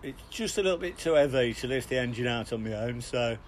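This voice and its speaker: A middle-aged man, co-hosting a podcast and telling lively, chuckling anecdotes with plenty of restarts. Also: mid-range voice, fairly quick, slight background noise. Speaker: podcast co-host. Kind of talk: casual storytelling.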